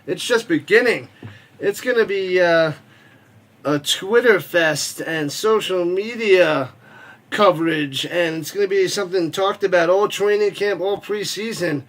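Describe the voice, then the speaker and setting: Hosting a live football watch party, this man blends casual, rambling banter and jokes with quick play-by-play calls and reads viewer comments. His voice sits high and sounds a bit bright.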